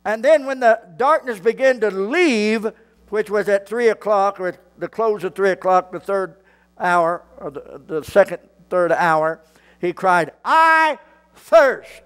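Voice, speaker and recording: A male pastor, preaching a sermon slowly and building to fervent shouts. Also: high-pitched.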